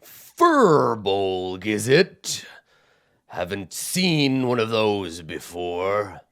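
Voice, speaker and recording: A man voicing a huge male cyclops giant, with a booming, slow, drawn-out delivery. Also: big pitch swings, a bit bright, clear, resonant tone, no room sound, clean studio sound, heavily acted. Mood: curious.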